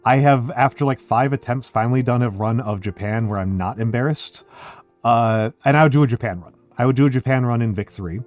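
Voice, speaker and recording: A young man streaming, chatting casually with his viewers and thinking out loud, his voice scratchy because he is under the weather. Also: medium pitch, a little fast. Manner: rambling, thinking out loud with fillers.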